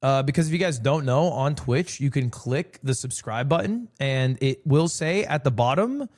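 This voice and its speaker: A man's voice: mid-range voice, normal speed. A man streaming live, chatting casually and telling jokey stories with lots of swearing. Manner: animated, joking storyteller with frequent swearing.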